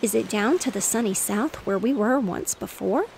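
A woman reading the part of an excited little boy in a bedtime storybook, her voice slightly raised and gravelly. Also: mid-range voice, normal speed, a little hiss or hum, low-quality recording. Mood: eager. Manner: excited, eager.

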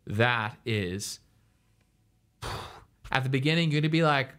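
A man's voice: slow pace, a bit bright, clean tone. Chatty young man coaching singing. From Australia. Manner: rambling, chatty, laughs often, mimics reactions in a high squeal. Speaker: music coach. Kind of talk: casual video lesson.

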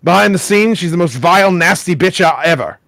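A man hosting a comedy show reads forum posts aloud wryly and laughs at them. His voice is high and fairly bright with lively intonation, a brisk pace and vocal fry, with no room sound in the recording.

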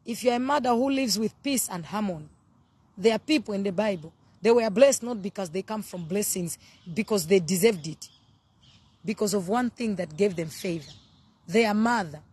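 A woman from southern Africa preaching casually on a live stream, exuberant and loud in bursts, greeting viewers by name. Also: medium pitch, husky.

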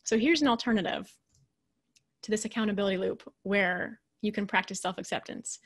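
A woman leadership coach giving a casual, animated lecture. She acts out quoted voices and keeps adding "right?". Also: mid-range voice, brisk. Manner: often adds "right?".

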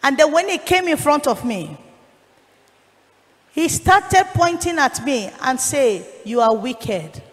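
A woman evangelist, giving an emotional testimony that rises to shouting. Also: high voice, sing-song, slow, long pauses, in a large hall. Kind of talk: sermon testimony.

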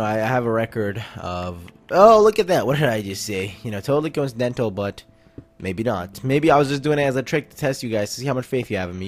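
A young man giving rambling, joking commentary while playing a video game, talking to his viewers and to the creatures on screen. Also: mid-range voice. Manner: rambling, jokey self-talk. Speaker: gaming YouTuber. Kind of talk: Let's Play commentary.

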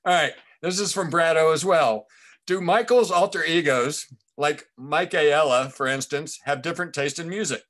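A man's voice: fairly high pitch, normal speed, a bit bright. A male host of a casual interview, reading out viewer questions and laughing along with his guest.

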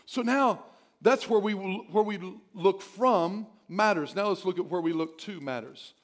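A man's voice: high-pitched, unhurried. A male pastor preaching a sermon, urging the congregation with emphatic repetition and the odd chuckle.

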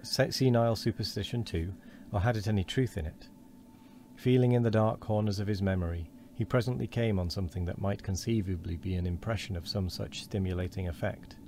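Low, mellow male reader, calm book narration; faint hiss. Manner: calm, occasional slips and restarts. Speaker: streamer reading aloud. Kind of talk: unhurried book reading.

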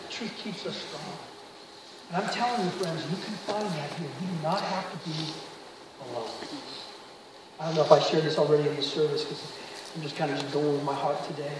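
A man in his forties preaching a sermon as pastor, telling stories with animated quoted dialogue. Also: a little high, fairly quick. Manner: animated storytelling with acted quotes. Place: large church hall. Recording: echoey hall, from far off, noisy.

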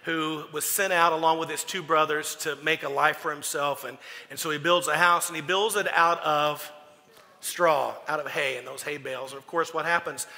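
A man's voice: on the high side, steady tone, moderate pace, pushed and bright. A man preaching a sermon as pastor, folksy and joking as he tells stories. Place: church sanctuary. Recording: echoey church hall.

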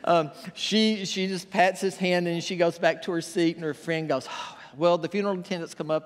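High-voiced male pastor in a reverberant church. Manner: storytelling, quiet and soft through the joke, then loud and emphatic. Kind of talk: sermon. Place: church sanctuary. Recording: long reverb of a church hall.

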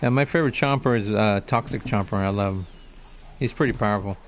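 Casual male streamer, lowish voice, friendly repetitive viewer greetings over faint game audio. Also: fast, a little hiss or hum. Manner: chatty, greets viewers by name, repeats himself. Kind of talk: casual live game commentary. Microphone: desk mic, no headset.

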